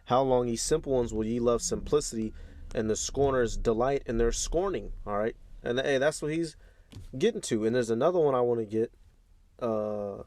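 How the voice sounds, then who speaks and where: A man's voice: mid-range voice, moderate pace, a little mellow. A man hosting a casual reaction commentary, laid-back and slangy, often chuckling as he talks. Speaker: host.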